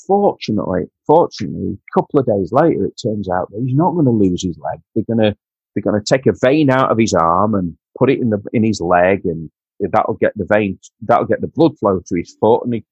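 A man recounts a painful family story, stopping and restarting, his voice dropping quiet and choked in places. His voice sits low and a little husky. The recording is dull, dry and lo-fi. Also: no echo. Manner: halting, repeats words, quiet and choked in emotional parts. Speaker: guest telling a personal story. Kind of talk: emotional personal storytelling.

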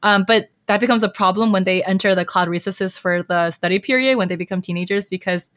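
A woman's voice: medium pitch, a little fast, fairly bright tone, dry recording, clean studio sound. A young woman hosting a podcast, casually recapping a story in a chatty way with many fillers. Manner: chatty, heavy use of filler "like". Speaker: podcast host.

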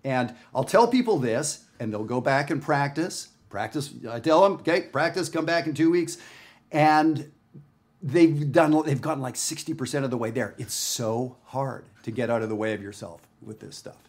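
A man from Canada talks through a jazz lesson to camera. He speaks in a conversational way, stressing his points and checking in with the viewer. His voice sits at a middling pitch. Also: normal speed. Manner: conversational, emphatic, frequent "right?". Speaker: jazz music teacher. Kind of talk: casual video lesson. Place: home studio with his dog.

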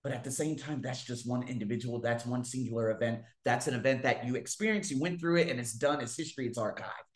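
A man telling stories to his viewers in a casual monologue, swearing freely and swinging widely in pitch and loudness. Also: quick pace. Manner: profane, animated, big swings in pitch and loudness. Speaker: vlogger. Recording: echoey room.

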